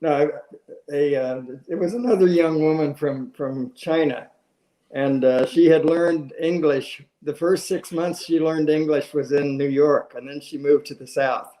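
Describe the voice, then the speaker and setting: A man telling a story in relaxed casual chat, with halting restarts. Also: fairly high pitch, rough recording.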